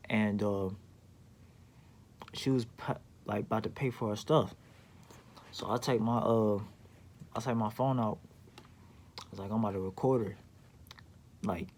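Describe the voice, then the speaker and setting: A man's voice: fairly low pitch, darkish tone, a little hiss or hum. A young man casually telling a story from his life, with a laid-back slangy manner and lots of fillers.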